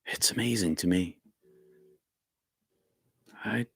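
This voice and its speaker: A man with a deep, low voice talks in a casual, rambling way, pausing and restarting as he reflects on spiritual ideas. He sounds close and dry, with no room around him. He reads out viewer comments and answers them. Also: dry recording. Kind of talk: casual live-stream talk.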